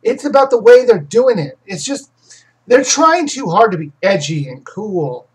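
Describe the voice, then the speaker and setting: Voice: medium pitch, sing-song, unhurried, husky, poor audio. A game reviewer hosting a casual live question session who rambles, restarts sentences and gives opinions on games. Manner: rambling, self-correcting, many restarts.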